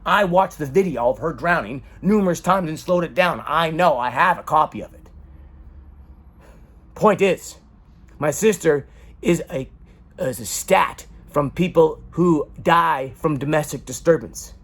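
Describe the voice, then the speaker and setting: Man, husky voice, emotional monologue, dramatic, swears a lot. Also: on the high side, a little slow, fairly bright tone. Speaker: vlogger.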